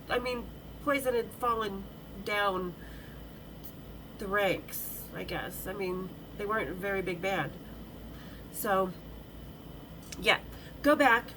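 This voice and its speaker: A woman's voice: mid-range voice, noisy background. A middle-aged woman hosting a podcast, telling a story in a frank, bawdy, chatty way with many restarts. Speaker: podcast host.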